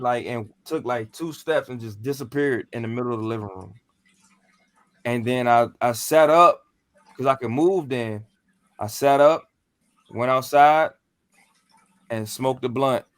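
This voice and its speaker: A man on a podcast casually telling a paranormal story, animated and full of slang and cursing. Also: mid-range voice, no room sound. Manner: animated, profane, slangy, acts out what he said.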